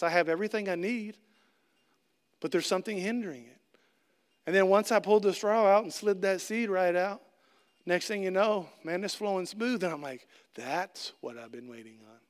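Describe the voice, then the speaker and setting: A man's voice: high voice, fairly even intonation, moderate pace, clear, resonant tone. A middle-aged man preaching a conversational sermon, asking the congregation questions and acting out little scenes with jokes. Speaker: pastor.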